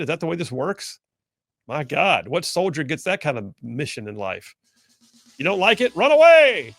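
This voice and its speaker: A man's voice: a little high, vocal fry, a bit bright, no echo, clean studio sound. A man hosting a political talk show, delivering sarcastic commentary and mocking opponents in whiny put-on voices.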